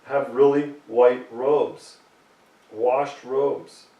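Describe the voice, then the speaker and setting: A man's voice: medium pitch, steady tone, drawn-out words, roomy sound, recorded from a distance, highs cut off. A man preaching a sermon, reading scripture aloud and pressing his points emphatically.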